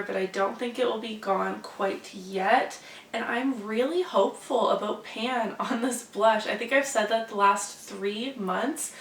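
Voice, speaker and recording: A woman's voice: mid-range voice, fairly bright tone, distant mic. A woman with a blocked, congested nose chats casually and a bit ramblingly to her viewers. She sits back from the mic, and the room adds a noticeable echo. A faint hum of ambience sits under her voice. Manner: chatty, rambling, hopeful. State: congested, stuffy-nosed. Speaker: beauty vlogger. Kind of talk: casual to-camera chat.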